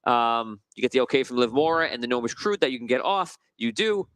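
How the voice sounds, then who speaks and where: A man's voice: medium pitch, lively intonation, fairly quick, a bit bright, smooth, no echo. A man as game master narrating a tabletop game in a rambling, good-humored way, often correcting himself.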